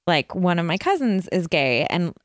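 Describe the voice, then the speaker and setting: A woman's voice: on the low side, very animated, moderate pace, no echo, clean studio sound. A woman hosting a podcast, chatting playfully and laughing often as she tells anecdotes. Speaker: podcast host. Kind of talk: casual podcast chat.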